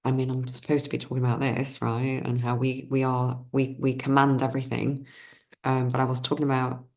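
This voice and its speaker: A woman with a strikingly low voice chats as a spiritual card reader. She wanders from story to story, loses her thread and gushes with enthusiasm. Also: completely flat delivery, fairly quick, a little mellow. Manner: enthusiastic, effusive. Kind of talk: casual digressive storytelling.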